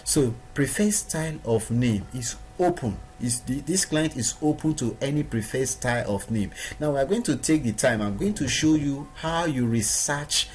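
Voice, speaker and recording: A man's voice: mid-range voice, animated, normal speed, few pauses, a little hiss or hum. A man giving a recorded training lesson to his students, stressing points by repeating words. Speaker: online business trainer.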